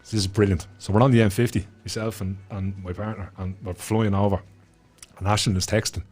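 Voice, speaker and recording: A low-voiced Irish man tells his own story in a loose, chatty way. He swears freely and stumbles over repeated words as his feelings rise. A little music sits faintly in the background. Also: flat delivery, a little fast, darkish tone, husky. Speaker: podcast guest, author. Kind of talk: casual storytelling chat.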